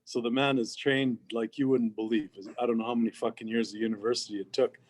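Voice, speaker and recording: A man's voice: mid-range voice, fast. A man co-hosting a casual chat, telling rambling stories and swearing constantly. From Canada. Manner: profane, animated storyteller, swears constantly. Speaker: podcast co-host.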